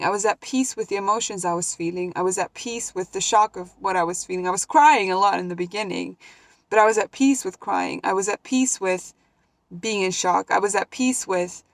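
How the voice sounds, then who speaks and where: A woman's voice: mid-range voice, no room sound. A young woman earnestly sharing a personal story in a vlog, emotional and heartfelt, often restarting her sentences. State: emotional, near tears. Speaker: vlogger. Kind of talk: personal reflective talk to camera.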